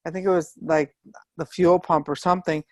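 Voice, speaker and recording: Woman telling an old story on a call, lower voice, dry sound, relaxed. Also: a little fast, dry recording. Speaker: book study participant. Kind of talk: casual anecdote.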